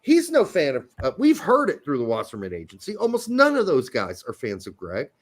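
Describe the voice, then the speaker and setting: A man hosts a casual soccer podcast with a lively, swooping delivery. He hammers his points home by repeating them, and he swears freely as he goes. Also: on the high side, a little fast. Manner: emphatic, repetitive, profane. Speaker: podcast host. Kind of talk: casual soccer commentary chat.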